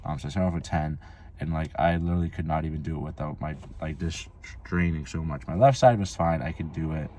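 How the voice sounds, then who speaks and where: Low-voiced man rambling with lots of swearing. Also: a little fast, mellow, slight background noise. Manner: rambling, profane, lots of "like" fillers. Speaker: vlogger. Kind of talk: casual storytelling vlog.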